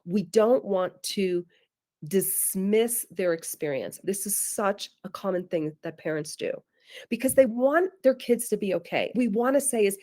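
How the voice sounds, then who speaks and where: A woman's voice: mid-range voice, animated, unhurried, dark tone. A middle-aged woman presenting a parenting webinar, talking in an earnest, coaxing way with emphatic repetition. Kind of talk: instructive webinar talk.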